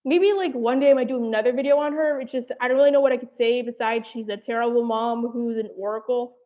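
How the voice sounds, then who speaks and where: A woman's voice: fairly high pitch, steady tone, fast talker. A young woman from New chatting casually on a livestream, hesitant and rambling. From New Jersey. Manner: rambling, hesitant, many "like" and "I don't know". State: slightly out of breath. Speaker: animation commentary channel host. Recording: tinny phone-like audio.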